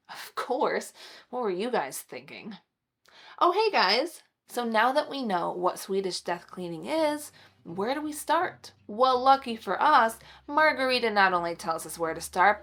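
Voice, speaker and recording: A woman chats to camera in a joking, teasing way. Her voice sits a little high, and her casual vlog tone carries light background music underneath. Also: fairly bright tone. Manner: playful, joking, teasing the viewer. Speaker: vlogger.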